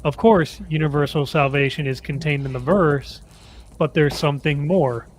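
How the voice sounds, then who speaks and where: A man carefully reading a devotional text aloud in a slow, measured, gentle manner. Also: on the high side, fairly even intonation, slight background noise.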